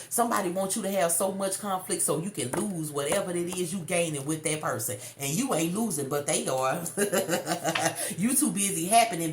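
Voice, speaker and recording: A woman doing a casual tarot reading for viewers, slangy and emphatic, calling the listener baby. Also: on the low side. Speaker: tarot card reader. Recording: echoey room, faint noise.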